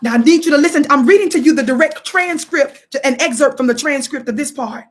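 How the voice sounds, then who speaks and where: A woman hosts a livestream, reading passages from a book as live commentary and stressing key points for her viewers. She speaks fast in a voice that sits high, emphatic, addressing the audience directly and repeating key quotes.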